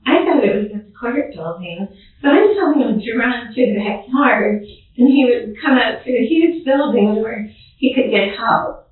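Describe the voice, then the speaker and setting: A woman giving a police interview as a child's godmother, talking haltingly, repeating herself and acting out what others said. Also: on the high side, expressive. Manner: halting, repeats herself, acts out quoted speech. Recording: echoey distant phone-like interview-room recording.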